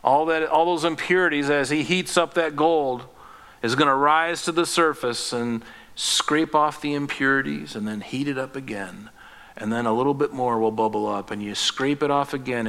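Conversational pastor preaching with fervor. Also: male voice, mid-range voice, fairly even intonation, moderate pace, fairly bright tone. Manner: conversational preaching with emphatic rhetorical questions; restarts and fillers, rising to fervent prayer. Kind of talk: sermon.

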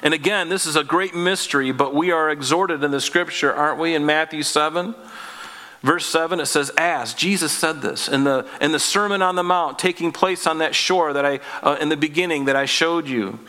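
Male pastor, chatty Bible teaching with rhetorical questions, a bit high-pitched, long hall reverb. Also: moderate pace, pushed and bright. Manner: conversational, with joking asides and rhetorical questions.

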